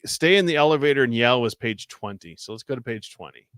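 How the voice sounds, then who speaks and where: Casting note: mid-pitched male co-host, laid-back, dry close sound. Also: animated, quick pace, fairly bright tone, no room sound. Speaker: podcast co-host. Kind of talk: casual chat.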